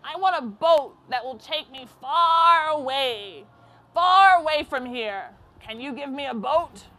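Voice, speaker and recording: A woman's voice: high voice, expressive, takes it slowly, bright, forceful tone, full character voice. A woman voicing a boy who grows into a tired old man in a storybook reading. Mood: wanting.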